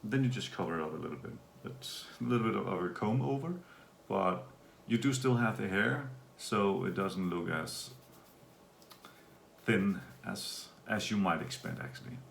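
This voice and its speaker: Man, low gravelly voice, casual rambling vlog talk, echoey room, faint background hum. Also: moderate pace. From Denmark. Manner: relaxed, rambling, with fillers. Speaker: vlogger. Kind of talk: casual video update.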